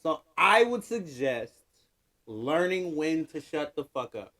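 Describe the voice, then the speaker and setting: A man's voice: fairly high pitch, big pitch swings, takes it slowly, fairly bright tone. A man co-hosting a podcast, talking sports in blunt, profane, opinionated rants and laughing often. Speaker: podcast co-host. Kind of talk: casual sports banter.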